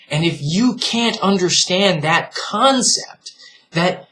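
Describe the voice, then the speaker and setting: A man's voice: high-pitched, lively intonation, measured pace, fairly bright tone. A man in a casual vlog monologue, earnest and reflective, speaking straight to his viewers and laughing at what he finds foolish. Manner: earnest and reflective, lecturing the viewer with frequent direct appeals. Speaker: vlogger.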